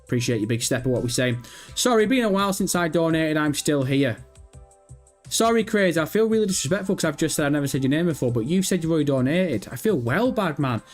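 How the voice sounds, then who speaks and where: Animated man hosting a livestream. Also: fairly high pitch, quick pace. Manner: animated, rambling, swears freely. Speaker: livestream host. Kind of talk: casual livestream chat reading viewer messages. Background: faint background music.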